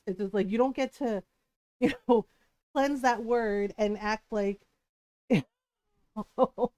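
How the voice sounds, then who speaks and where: A woman's voice: mid-range voice, fairly even intonation, very slow, long pauses, a little mellow, no room sound. A woman streamer in casual livestream chat, ranting animatedly, swearing, laughing often and greeting viewers as she talks.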